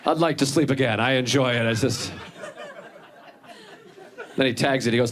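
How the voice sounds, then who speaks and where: A man in his forties doing a stand-up set, self-deprecating, deadpan asides mixed with animated impressions of his friends. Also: medium pitch, moderate pace, background noise. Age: 40s. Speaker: stand-up comedian. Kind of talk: stand-up routine. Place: comedy club stage before a live audience. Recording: live club set with a laughing crowd. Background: audience laughter.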